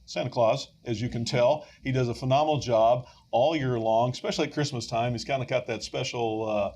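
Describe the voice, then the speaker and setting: A middle-aged man hosting a podcast, telling a story with lively energy and frequent fillers and restarts. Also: medium pitch, brisk. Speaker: podcast host and rescue mission leader.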